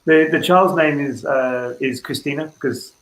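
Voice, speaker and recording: A man playing a tabletop game, halting and filler-heavy as he works out his ideas. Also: on the high side, a bit bright, echoey room, low-quality recording. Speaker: player.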